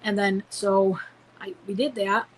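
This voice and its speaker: A woman's voice: mid-range voice, flat delivery, measured pace, slight background noise, rough recording. A woman in her forties from Illinois, a podcast guest telling personal stories in a rambling way, full of fillers and restarts. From Illinois, United States. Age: 40s. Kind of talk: casual storytelling interview.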